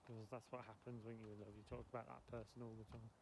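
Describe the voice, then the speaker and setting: A man's voice: fairly low pitch, level tone, fast, noisy background. Rambling man. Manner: rambling, self-deprecating, wistful. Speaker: vlogger. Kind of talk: casual walking vlog to a phone. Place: outdoors on a walk. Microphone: phone held in hand.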